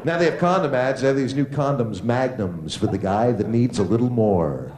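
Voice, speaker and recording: A man doing a crude stand-up comedy set on a club stage, animated and quick to slip into squeaky voices for the people in his stories. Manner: crude, animated, jumps into high squeaky voices for quoted characters. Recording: roomy live club recording with loud crowd noise.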